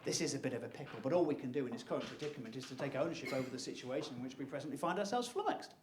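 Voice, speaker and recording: A man doing a calm, soothing wife in labour. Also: mid-range voice, very fast, noisy background, pitched below the performer's own voice, lightly acted. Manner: soothing, steady. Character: calm, steady woman in labour, reassuring wife. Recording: echoey venue with audience laughter.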